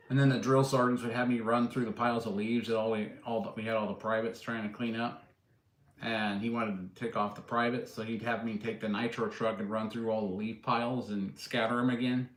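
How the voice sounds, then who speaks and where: A man hosting a casual live stream, talking in a rambling way with many fillers and restarts. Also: on the low side. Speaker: livestream host and drone builder. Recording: roomy echo.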